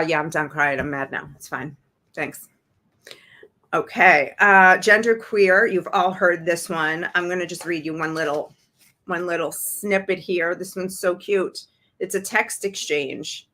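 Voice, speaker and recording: A woman with a somewhat low voice hosts a livestream and talks straight to her viewers. Her delivery is indignant and biting, full of sarcasm. She speaks as the regular host of her own show. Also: moderate pace, fairly bright tone. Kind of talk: livestream commentary.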